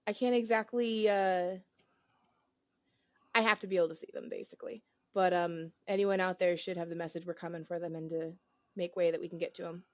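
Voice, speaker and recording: A woman's voice: fairly low pitch, steady tone, fairly quick, no echo, clean studio sound. A woman playing a tabletop game, chatting casually and thinking aloud with many hesitations. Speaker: player.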